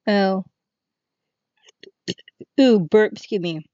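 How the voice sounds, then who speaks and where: A woman's voice: mid-range voice, drawn-out words, dry recording. Chatty woman host, lo-fi sound. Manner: relaxed, chatty asides. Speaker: channel host reacting to a video. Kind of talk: casual reaction commentary.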